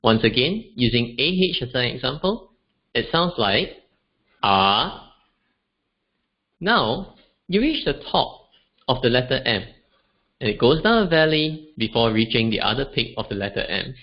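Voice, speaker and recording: A man's voice: mid-range voice, expressive, moderate pace. A man teaching an online beginners' language webinar, demonstrating tones aloud. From Singapore. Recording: dull lo-fi webinar audio.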